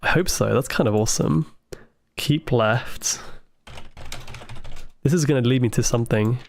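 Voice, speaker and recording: A man livestreaming a puzzle game, thinking aloud with excited asides to his chat. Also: mid-range voice, moderate pace, creaky, a little hiss or hum. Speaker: game streamer. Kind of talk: live gameplay commentary.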